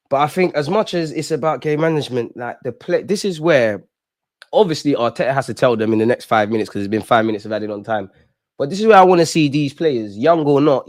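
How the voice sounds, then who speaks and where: A young man hosting a live football watch-along, animated and talking straight to the players and referee. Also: medium pitch, no room sound, studio quality.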